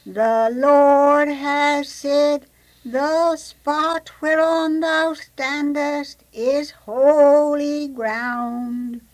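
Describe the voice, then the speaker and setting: Woman acting out a quaker lady preacher, trembly high voice, slow flat chant. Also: low-quality recording. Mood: solemn. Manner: slow sing-song chant. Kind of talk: intoned preaching.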